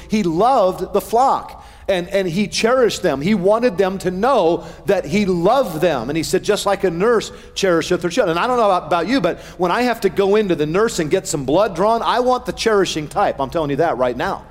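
A middle-aged male pastor preaching a sermon, with animated swings in pitch and loudness. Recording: long hall reverb.

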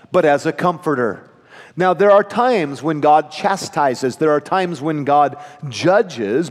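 A pastor preaching a sermon in an earnest, emphatic manner with dramatic pauses. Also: male voice, a little high, in a large hall. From United States.

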